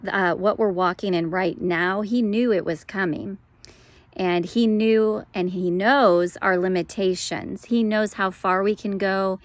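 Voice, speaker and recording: A middle-aged woman sharing an informal devotional word, gentle and conversational, with frequent fillers. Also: medium pitch, no echo. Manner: warm, gentle, conversational, with fillers and soft laughs. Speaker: speaker sharing a prophetic word.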